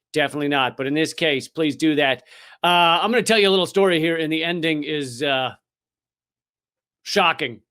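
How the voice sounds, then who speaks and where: A man's voice: on the high side, fairly bright tone, clear, resonant tone. A man hosting a live-streamed comedic news show, riffing loosely and sarcastically with profanity and lots of fillers.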